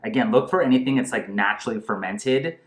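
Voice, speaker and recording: A man hosting a casual wine-tasting chat, rambling and excitable, often restarting as he hunts for words. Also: mid-range voice, fast talker, background noise. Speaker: host. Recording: echoey room.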